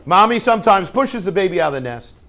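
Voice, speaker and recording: Man, rabbi, informal lesson, joking, asks the class questions, somewhat high voice. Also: sing-song, quick pace, gravelly, a bit bright. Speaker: rabbi teaching students.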